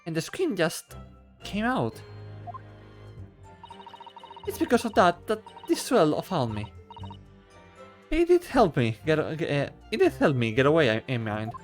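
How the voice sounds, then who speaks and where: A man's voice: on the high side, huge pitch swings, unhurried, pauses often, soft background music, pitched above the performer's own voice. A man voicing a brash young female London pickpocket, with a put-on Cockney accent and dropped H's. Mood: grumbling.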